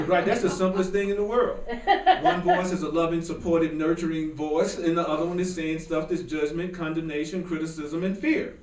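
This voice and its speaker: Male spiritual teacher, higher voice, animated and jokey, echoey room, mic set back. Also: normal speed, far from the mic. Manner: animated, laughing, jokey asides. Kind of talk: informal class talk.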